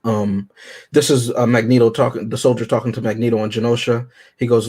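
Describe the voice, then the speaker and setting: A man's voice: medium pitch, flat delivery, a little fast, a little mellow, slightly rough, rough recording. A man on a movie review panel, talking enthusiastically in casual podcast chat, often checking in with "right?". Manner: enthusiastic, often asks "right?" and "you know what I mean?".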